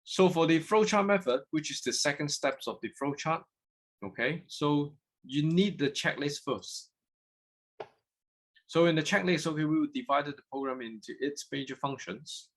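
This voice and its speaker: A man's voice: medium pitch, fairly bright tone. A man with a Hong Kong accent giving a lecture, moving between English and Cantonese and checking in with students through frequent "OK"s and "can you follow?". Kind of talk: university lecture.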